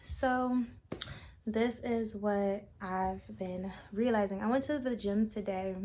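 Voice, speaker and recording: A woman's voice: mid-range voice, slow, dark tone. A woman talking casually to her vlog audience, musing in a meandering, reflective way with fillers. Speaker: vlogger. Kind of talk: casual spiritual vlog talk.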